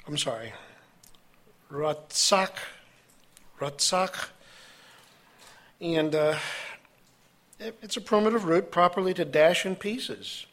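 A man preaching a sermon, reading scripture aloud with his own asides and halting now and then. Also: a little high. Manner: halting, with fillers and self-corrections.

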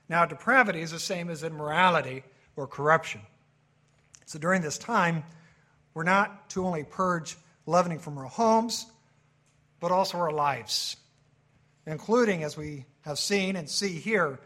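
A man preaching a sermon with a fairly high, bright voice. He talks emphatically, swelling to loud points and dropping low again, like a pastor before his congregation.

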